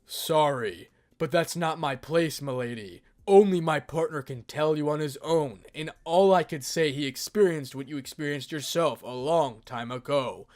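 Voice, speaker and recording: A man's voice: on the high side, moderate pace, few pauses, a little mellow, close to an everyday voice. A man reading fan fiction aloud, voicing a loyal dragon spirit who lives inside a boy's hand and speaks with formal courtesy. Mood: courteous. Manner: formal, courteous, addresses "milady". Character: dragon spirit, a secret female in male form, loyal.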